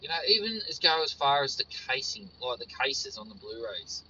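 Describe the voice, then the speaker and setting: A man's voice: medium pitch, sing-song, moderate pace, bright, forceful tone, dull audio, slight background noise. A man ranting casually as a frustrated horror fan, swearing often and repeating his points. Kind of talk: casual profane rant.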